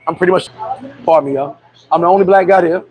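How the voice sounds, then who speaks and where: A man's voice: high-pitched, fast talker, highs cut off, slight background noise. A man hosting a casual livestream chat, telling blunt, profane stories. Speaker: livestream host.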